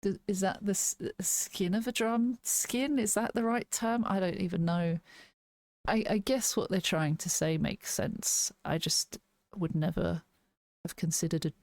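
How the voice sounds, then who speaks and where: A woman's voice: fairly low pitch, unhurried, a little mellow, dry recording, clean studio sound. A woman casually reviewing an album, thinking aloud, restarting sentences and laughing now and then. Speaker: music reaction host.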